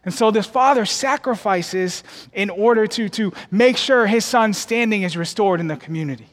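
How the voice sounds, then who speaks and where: A man preaching a sermon to his church, expressive and folksy, pushing higher and louder to drive points home. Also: moderate pace. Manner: folksy, addresses the congregation as y'all. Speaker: pastor. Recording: long hall reverb.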